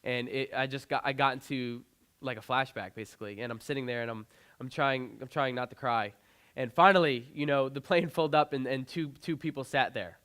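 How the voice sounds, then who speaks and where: Speaking briskly with a bright, clean mid-range voice, a young motivational speaker tells a personal story during a keynote on a conference stage. He talks earnestly into the stage microphone, frequently restarting and repeating himself.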